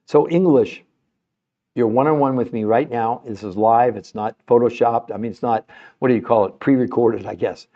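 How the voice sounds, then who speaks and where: A man's voice: medium pitch, moderate pace, dark tone, lo-fi sound. Passionate man hosting a live health stream. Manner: passionate, emotional, pleading with viewers. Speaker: podcast host.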